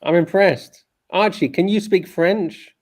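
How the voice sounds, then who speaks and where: A man co-hosting a casual livestream chat, animated and prone to rants and laughter. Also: sits high, a little slow. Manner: animated, ranting, laughs easily. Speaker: co-host.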